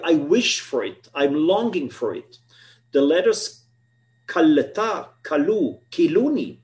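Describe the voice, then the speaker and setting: Slow, halting male Bible teacher. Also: on the high side, darkish tone. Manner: slow, halting, repeats words and restarts; reads verses aloud in Hebrew then translates. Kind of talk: lecture on biblical poetry.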